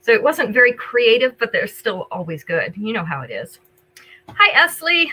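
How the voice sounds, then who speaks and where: A woman's voice: on the high side, very animated, normal speed, pushed and bright, slightly rough, poor audio. An older woman hosting a live jewelry sale, chatting casually with viewers, greeting them by name and describing each item. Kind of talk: casual live-stream selling chat.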